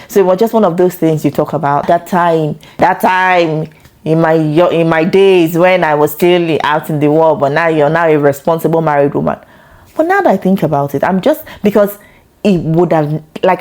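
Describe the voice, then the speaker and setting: A woman, telling her own story in a reflective, expressive way that leaps up in pitch when she gets excited. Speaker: mother sharing her story. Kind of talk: reflective personal talk.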